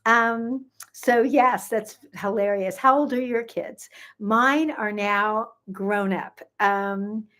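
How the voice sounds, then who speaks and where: A woman's voice: a little high, takes it slowly, fairly bright tone. A woman in her sixties, nearly seventy, working as a gut health coach. She chats casually with livestream viewers on her phone, greeting them by name and drifting into rambling asides. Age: 60s, nearly seventy.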